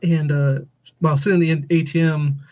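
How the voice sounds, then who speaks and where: A podcast host with a slightly higher voice tells a rambling story to his co-host. He is animated, laughs through his words and often starts over mid-sentence. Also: a little fast. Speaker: father. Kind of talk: casual storytelling chat.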